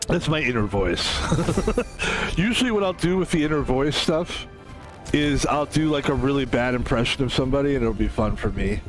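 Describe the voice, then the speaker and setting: A man's voice: mid-range voice, expressive, a little fast, soft background music. A man streaming a game who talks casually to his audience. He rambles, swears often and drifts into jokey asides. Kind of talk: casual solo stream monologue.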